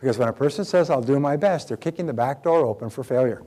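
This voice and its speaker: A man giving a motivational seminar talk in a direct, emphatic, animated manner. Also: medium pitch, fast talker. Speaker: motivational speaker.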